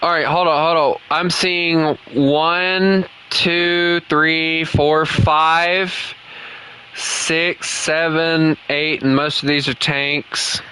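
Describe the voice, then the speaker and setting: A young man with a Southern US accent, chatting loosely as he plays. His voice is high and bright, and he talks slowly, in a relaxed and jokey way. Faint noise runs under the recording. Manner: laid-back, jokey, says bro a lot. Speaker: gaming streamer. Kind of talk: casual gaming commentary.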